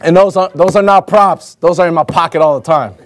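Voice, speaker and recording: A young man preaching a lively, joking sermon as a substitute preacher, acting out little scenes and slowing down to read scripture with emphasis. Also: high-pitched, noisy background. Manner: slow, emphatic scripture reading.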